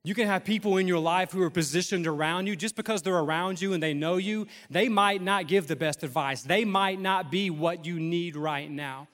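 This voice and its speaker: A man's voice: high voice, normal speed, hardly any pauses, fairly bright tone, long reverb tail. A man in his thirties preaching a sermon in a conversational style, mixing humor and playful acted asides into the message. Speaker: pastor.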